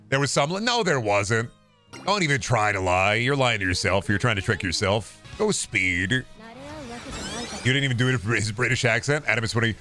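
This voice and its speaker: Animated joking man streaming a game. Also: mid-range voice, normal speed, soft background music. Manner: loud, joking, yells at the game during races. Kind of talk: casual gaming stream chat.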